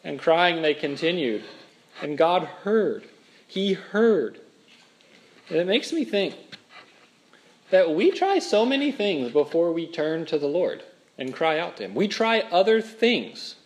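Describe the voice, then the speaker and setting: Male pastor, from Minnesota, slightly raised pitch, lively dramatic sermon storyteller. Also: slow, pauses often. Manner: animated storytelling with dramatic emphasis.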